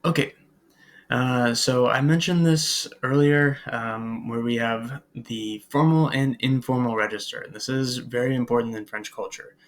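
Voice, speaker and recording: A man teaching a beginners' French lesson over slides, patient and filling pauses with "uh" and "um" as he models French phrases. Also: mid-range voice, steady tone. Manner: patient, many filler "uh"s and "um"s; switches into careful French pronunciation models. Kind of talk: recorded slide lecture.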